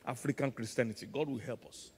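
A man with a Nigerian accent, a pastor preaching a sermon with emphatic call-and-response, swinging between loud and soft. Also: mid-range voice, steady tone, fast talker, breathy edge, in a large hall. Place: large church auditorium.

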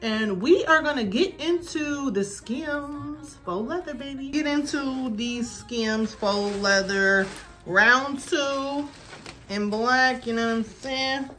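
A young adult woman filming a casual try-on haul at home, chatty and excited, calling viewers y'all and baby. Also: high voice, takes it slowly. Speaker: fashion vlogger.

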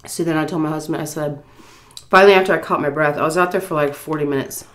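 Breathless and sighing as she recovers from the flu, a food vlogger casually tells her viewers a story directly to camera, unscripted. Her voice is a bit low for a woman, and her intonation stays fairly even as she pauses to catch her breath.

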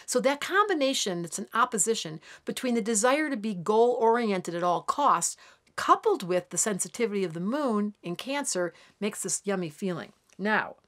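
A woman astrologer giving a daily horoscope in a chatty, animated way, acting out voices for the planets now and then. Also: fairly high pitch. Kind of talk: daily horoscope talk to camera.

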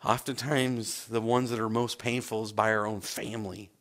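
A man's voice: fairly low pitch, level tone, moderate pace, fairly bright tone. A man, a pastor preaching a sermon and acting out scripture scenes with big swings in his voice.

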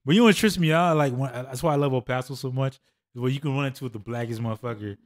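A man in a casual podcast chat, talking in an excitable, profane way and slipping into Spanish phrases. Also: mid-range voice, fast.

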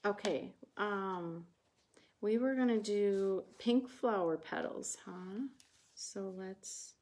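Slow, chatty woman with a Wisconsin accent. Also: medium pitch, a little mellow. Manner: chatty, talks to viewers while painting. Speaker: craft livestream host. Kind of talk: casual livestream craft chat.

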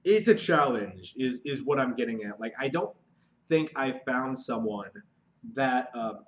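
A man's voice: medium pitch, animated, measured pace, muffled recording. A man talking off the cuff to his channel about his writing, stumbling over his words with many fillers and restarts, sounding frustrated. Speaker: aspiring novelist vlogger. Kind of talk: unscripted monologue to camera.

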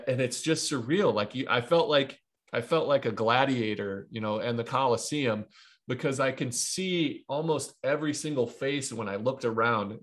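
A man's voice: mid-range voice, a bit bright. Rambling man telling stories. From Ohio, USA. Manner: rambling, with frequent restarts and asides. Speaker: guest, retired baseball pitcher. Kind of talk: casual interview storytelling.

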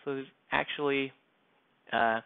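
A man's voice: medium pitch, fairly even intonation, measured pace, vocal fry, clear, resonant tone, no room sound. A man live streaming while he paints miniatures, chatting casually and rambling with many fillers into a headset mic. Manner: rambling, self-deprecating, lots of fillers. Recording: tinny phone-like sound.

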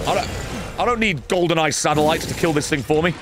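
A man giving exasperated, animated gaming commentary as a streamer, swearing often. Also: on the high side, fast talker, noisy background.

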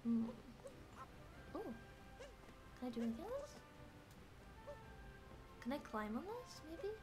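Woman, British accent, young adult, high voice, playful gaming chat, faint music behind. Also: big pitch swings, slow, pauses often. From Britain. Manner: playful, chatty, exclamatory while gaming. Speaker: streamer. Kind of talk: casual gaming stream chat.

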